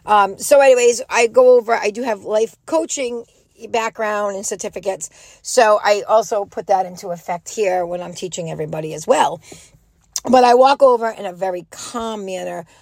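A middle-aged woman telling a personal story in a casual, animated way, acting out what people said. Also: mid-range voice, normal speed, vocal fry, no echo. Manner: animated, quotes people in raised voices.

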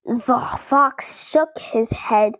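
A woman's voice: on the high side, very slow, fairly bright tone, no room sound. A woman reading a picture book aloud to children, playful and full of exclaiming asides. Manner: playful, exclaiming, chats to kids.

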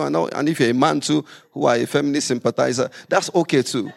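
Man, pastor, sermon, animated pitch, gravelly edge, humorous asides. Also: brisk. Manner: lively preaching with humorous asides.

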